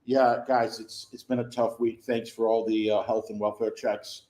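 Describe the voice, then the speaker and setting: A man's voice: lowish voice, flat delivery, moderate pace, warm tone. A man in his fifties, a guest on a live sports chat, rambling with wry humor. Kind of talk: casual chat. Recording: echoey remote call audio.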